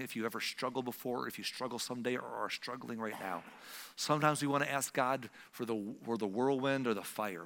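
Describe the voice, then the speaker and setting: A man preaching a sermon as a pastor, swinging from loud emphatic lines to hushed whispers. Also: mid-range voice. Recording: long hall reverb.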